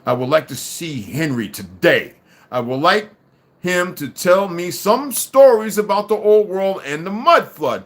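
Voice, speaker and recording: Guy doing a high weepy pregnant wife voice, husky, pitch jumping all over. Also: huge pitch swings, slow, full character voice. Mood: bored, complaining. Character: upset pregnant young wife, tearful and restless.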